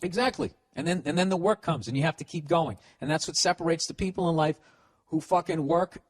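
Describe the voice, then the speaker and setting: A man's voice: a little high, a little fast. A middle-aged man with a Boston accent, hosting a comedy podcast and giving sarcastic, profane, rambling advice full of restarts.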